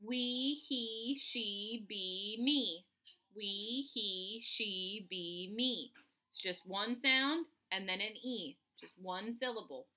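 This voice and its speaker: A woman teaching first grade remotely, spelling sight words out slowly, letter by letter, to children. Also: mid-range voice, bright, forceful tone. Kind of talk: remote phonics lesson for children.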